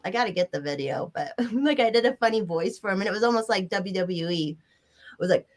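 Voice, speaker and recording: A woman's voice: mid-range voice, lively intonation, brisk. A woman guesting on a podcast in casual chat, talking freely and swearing often.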